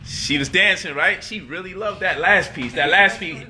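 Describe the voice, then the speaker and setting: A man's voice: high-pitched, moderate pace, pushed and bright, a little hiss or hum. A man hosting a casual home cooking vlog in his kitchen, playful and teasing as he coos at his baby daughter. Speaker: cooking show host.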